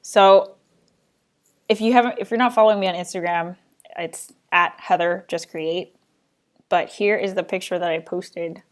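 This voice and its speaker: A young adult woman hosts her own live show, chatting casually and rambling as she answers viewer questions. Her voice sits on the low side, with fairly even intonation and a normal speed.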